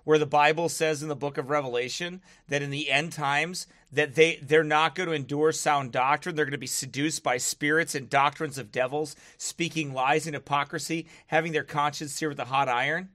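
Man, slightly high and very bright tone, dry close sound; rambling, sarcastic ranter who swings into preachy bursts. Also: fairly even intonation, moderate pace, few pauses, no room sound. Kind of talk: casual monologue to camera.

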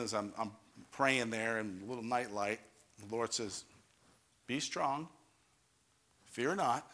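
An older man from New York with a New York accent, a pastor giving a fervent testimony sermon, rising to loud exclamations and calling for amens. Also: medium pitch.

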